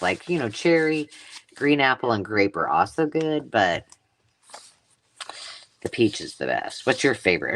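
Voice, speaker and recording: A woman's voice: a bass voice, a bit bright. A woman hosting a live craft stream, chatting casually and gushing over mail she unboxes. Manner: gushing and effusive, chatty asides. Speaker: craft channel host.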